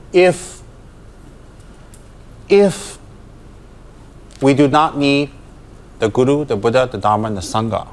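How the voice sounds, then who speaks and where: A man, a Buddhist teacher, giving a dharma talk to students, emphatic and full of rhetorical questions. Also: mid-range voice.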